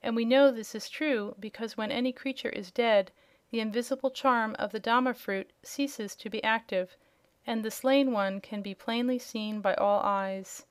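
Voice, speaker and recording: A woman voicing a calm, matter-of-fact unseen man in a storybook reading. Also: a little high, normal speed, dry recording, lightly acted. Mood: explaining.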